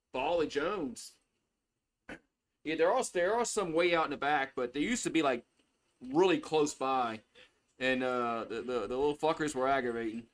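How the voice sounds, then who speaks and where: A man's voice: fairly high pitch, fairly bright tone. A man giving casual play-by-play on a live stream, loose and chatty, swearing freely. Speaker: live stream sports host.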